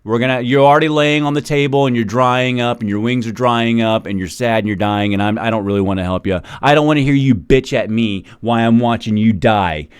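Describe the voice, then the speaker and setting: A middle-aged man delivers a heated, profane rant, stumbling over repeated words as he pushes his point. His voice is smooth and resonant. The sound is dry and close. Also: medium pitch, a little fast, few pauses, dry recording. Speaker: commentator reacting to a video. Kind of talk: casual rant.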